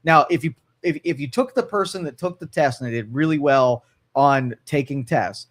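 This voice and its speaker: A man's voice: on the high side, expressive, normal speed. A man co-hosting a radio talk show, opinionated and rambling, with frequent restarts and an Ohio accent. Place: radio studio.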